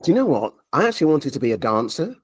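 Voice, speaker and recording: A man's voice: medium pitch, fast, husky. A man, a media coach telling his story in an interview and acting out the dialogue. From Leeds, England. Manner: animated storyteller, acts out quoted dialogue.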